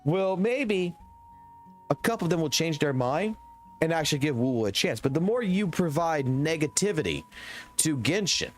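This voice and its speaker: A man's voice: fairly high pitch, moderate pace, faint music behind. A young man from Louisiana with a Southern US accent, ranting and swearing in loose livestream commentary close to his mic. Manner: animated, profane, rambling rant. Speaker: streamer. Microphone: close desk mic.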